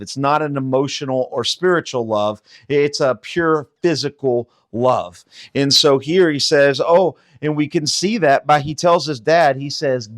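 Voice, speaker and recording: A man's voice: mid-range voice, a bit bright. A man giving a casual daily Bible teaching, talking conversationally with frequent fillers and rhetorical questions.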